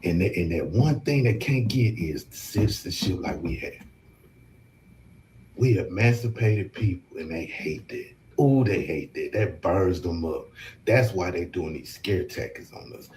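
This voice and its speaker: A man's voice: deep voice, lively intonation, unhurried, darkish tone, a little hiss or hum. A man in a casual panel discussion, speaking emphatically and repeating phrases for effect.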